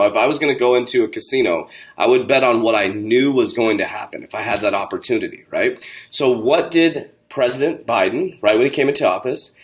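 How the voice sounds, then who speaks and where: A man on a crypto channel, talking in a preachy, fired-up way at a middle pitch. He keeps calling his listeners warriors and climbs into loud indignation. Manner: gets loud and indignant, rising to near shouting. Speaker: crypto channel host and coach. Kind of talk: heated motivational crypto commentary.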